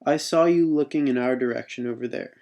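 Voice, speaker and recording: A man voicing a huge, boisterous male bounty hunter leader who blurts out his lines loudly, read from a homemade mission story. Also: medium pitch, fairly quick, lightly acted. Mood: friendly. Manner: loud blurting outbursts.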